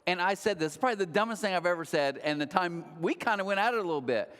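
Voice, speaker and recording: A man in his thirties preaching a sermon, telling stories with lively acted-out quotes. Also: high voice, fast. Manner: animated storytelling with acted-out quotes. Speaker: pastor. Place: large church hall. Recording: long hall reverb.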